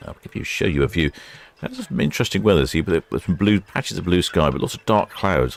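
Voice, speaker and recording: A man with a very deep voice gives relaxed live commentary. He rambles from thought to thought and fills the gaps with plenty of uhs. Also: gravelly. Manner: chatty, rambling, with many fillers. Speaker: ship-watching livestream host.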